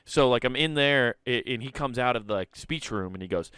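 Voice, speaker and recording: A man co-hosting a podcast, telling animated stories in casual chat, swearing freely and laughing through them. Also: mid-range voice, fairly quick, few pauses, clean tone, no echo. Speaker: podcast co-host.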